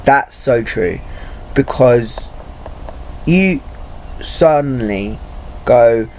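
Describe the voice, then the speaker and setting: A man talking in a personal vlog, halting and searching for words, restarting often and swearing freely. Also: mid-range voice, animated, slight background noise. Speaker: vlogger.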